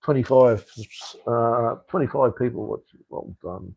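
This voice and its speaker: A man's voice: mid-range voice, a little fast, gravelly, no room sound, lo-fi sound. An Australian man hosting a live stream, chatting casually and bluntly with viewers, rambling and swearing freely.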